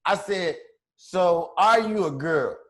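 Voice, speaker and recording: A man casually telling a long story on a podcast, profane and animated, acting out the other people's voices as he goes. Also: high-pitched, takes it slowly. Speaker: podcast co-host.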